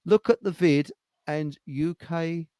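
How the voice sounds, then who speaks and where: A man's voice: on the high side, takes it slowly, warm tone, clean tone. A man in a casual chat who rambles and hesitates, with many fillers.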